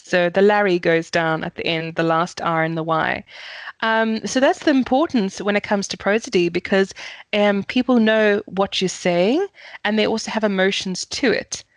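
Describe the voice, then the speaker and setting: A woman's voice: medium pitch, moderate pace, dry recording. South African woman coaching on speech. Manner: explanatory, demonstrates intonation examples. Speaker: communications coach. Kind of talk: podcast interview, explaining.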